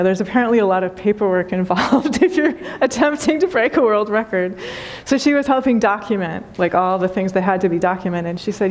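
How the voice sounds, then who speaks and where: A woman's voice: medium pitch, fairly quick. A woman giving a spiritual talk as teacher, telling a funny story and laughing often.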